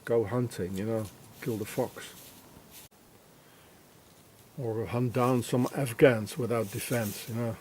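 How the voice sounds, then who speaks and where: A man rambling in a sardonic monologue while feeding cats, often dropping into low muttered asides. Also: fairly even intonation, slow pace, long pauses, a little mellow, slight background noise. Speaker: vlogger.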